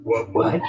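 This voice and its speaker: A man running a tabletop game as game master, telling crude jokes in a joking, animated way. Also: slight background noise. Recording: dull lo-fi sound, distant from mic.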